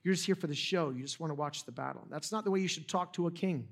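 A man's voice: a little high, quick pace, vocal fry. A man voicing an angry older brother scolding his younger sibling, in an accusing tone.

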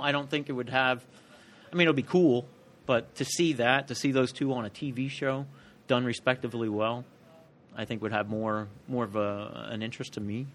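A man's voice: mid-range voice, bright, forceful tone, a little hiss or hum. A man co-hosting a podcast live in a comic shop, rambling and trailing off as he chats. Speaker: podcast co-host. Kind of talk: casual round-table chat.

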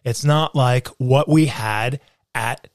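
A man's voice: mid-range voice, slow, dry recording. A man who once worked as a studio tour guide, chatting casually and acting out the voices in his story. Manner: animated storyteller, acts out voices of others.

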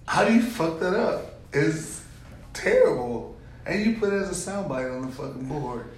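A man's voice: a little high, big pitch swings, normal speed. A man co-hosting a casual podcast chat, blunt and teasing, swearing freely, talking into a studio mic while wearing headphones. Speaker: podcast co-host. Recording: echoey room with faint noise.

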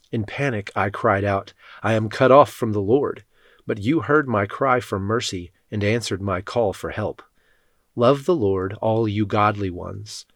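A man reading Bible passages aloud in a measured, solemn way. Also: lowish voice, no room sound, clean studio sound. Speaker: scripture reader.

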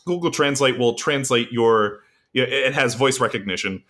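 A man's voice: medium pitch, moderate pace, a bit bright. A man co-hosting a casual podcast, rambling with lots of fillers as he explains basic Japanese. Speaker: podcast co-host.

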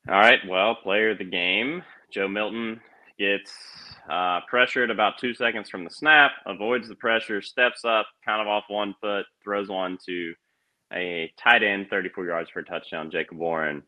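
A man's voice: on the low side, fairly even intonation, normal speed, sharp tone. A man as a podcast guest in casual sports chat, thoughtful and hesitant, often restarting his sentences. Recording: dull lo-fi audio.

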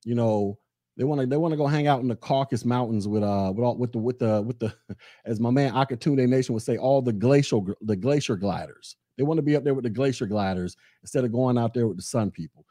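A man with a mellow, relaxed timbre and a mid-range voice, talking alone on his podcast. He rants in a sarcastic tone and puts questions straight to his audience. The sound is close and dry, with no room around him. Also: medium pitch, fast talker, no echo. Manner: ranting and sarcastic, talks straight to listeners. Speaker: podcast host. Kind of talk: solo opinion commentary.

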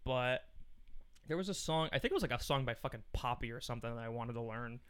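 A man's voice: mid-range voice, lively intonation, quick pace, a bit bright, smooth. A man in his twenties, a musician guest on a podcast, talking casually in long rambling stories with lots of swearing and laughing. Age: 20s. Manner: rambling, profane, laughs often.

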